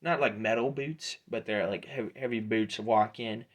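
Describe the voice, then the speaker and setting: A man's voice: lowish voice, steady tone, moderate pace. A man narrating a tabletop game as game master, casual and rambling.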